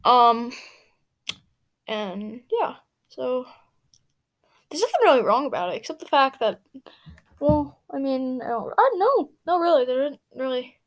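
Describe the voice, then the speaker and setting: A woman reads fan fiction aloud in a high, very animated voice, taking her time and leaving long pauses. She stumbles over words, restarts lines, and stops for laughing asides of her own.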